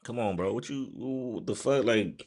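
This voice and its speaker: A man hosting a reaction video, talking loudly and excitedly in slang and swearing freely. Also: mid-range voice, normal speed. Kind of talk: reaction commentary.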